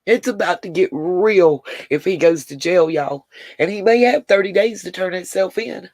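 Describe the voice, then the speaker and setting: This livestream host has a lowish, somewhat dark voice, talks at an ordinary pace, and the recording is dry. She addresses her chat by name in a casual Southern way, with plenty of "y'all," and is emotional enough to be near tears.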